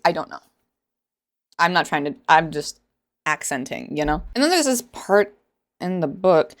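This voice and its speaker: A woman's voice: fairly low pitch, expressive, normal speed, long pauses. A woman hosting a casual book reaction vlog, sarcastic and rambling, often laughing at her own jokes. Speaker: book reviewer.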